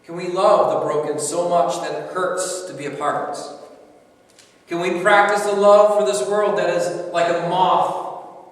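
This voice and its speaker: Earnest preacher in echoing hall. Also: male voice, high voice, fairly even intonation, measured pace. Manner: earnest, building to emphatic peaks. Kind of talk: sermon. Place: church sanctuary. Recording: echoey church hall from far off.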